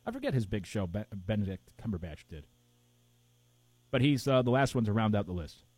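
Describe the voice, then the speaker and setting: Rambling man with a lively voice. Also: fairly low pitch, fairly quick, husky, no room sound. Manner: rambling, searching for names with fillers. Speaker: podcast co-host. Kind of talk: casual chat.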